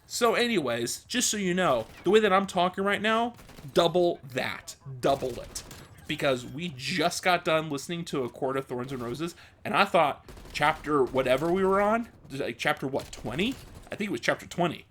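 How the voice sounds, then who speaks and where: A man vlogging, retelling a story in a casual, excitable way with lots of fillers. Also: fairly high pitch, moderate pace, slight background noise.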